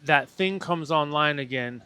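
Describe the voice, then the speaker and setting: A young man, a podcast guest and breathwork facilitator, telling a deeply personal story in a casual interview, earnest and swearing now and then. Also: measured pace, bright, forceful tone, clear, resonant tone, no room sound. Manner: earnest, swears casually, acts out his own inner voice.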